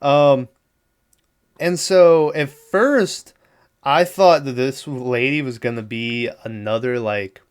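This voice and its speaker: A podcast host with a smooth, mid-range voice speaks slowly as he recaps a movie solo and casually. His loose, profane storytelling rambles through the plot while he acts out the characters' lines.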